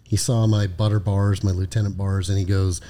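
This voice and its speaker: A man, a former highway patrol lieutenant, telling a story casually on a podcast, swearing freely and tagging his lines with "right?". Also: flat delivery, normal speed, mellow. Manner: profane, frequent "right?" tag questions.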